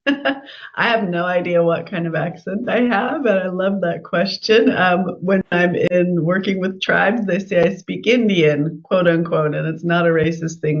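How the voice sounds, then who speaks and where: A woman's voice: lowish voice, lo-fi sound. A woman from California with a Californian accent, a guest explaining her work as an art therapist in a chatty, enthusiastic way. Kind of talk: interview answers, explanatory.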